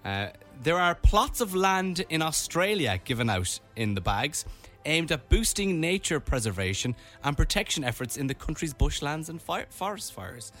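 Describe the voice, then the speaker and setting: Lively, bright-voiced man hosting radio. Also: on the high side, moderate pace, few pauses, faint music behind. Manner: playful, reading out items with commentary. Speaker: radio host. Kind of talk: casual radio chat.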